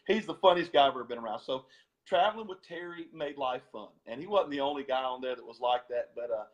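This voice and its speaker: A man guest on an interview show tells road stories in a loose, chatty way, laughing and stumbling over his words. His voice sits at an ordinary middle pitch. The sound is dull and lo-fi, like a video call. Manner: laughs often, repeats words when telling stories. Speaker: guest, former gospel singer. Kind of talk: storytelling interview.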